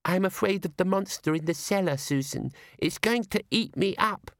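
A man's voice: sits high, expressive, normal speed, fairly bright tone, dry recording, clean studio sound, voice pushed up. A man doing a wheedling little girl. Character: small girl, wheedling and cute.

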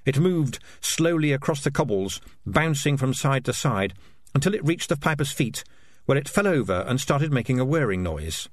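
A man narrating an audiobook as an expressive storyteller. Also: medium pitch, moderate pace, no room sound.

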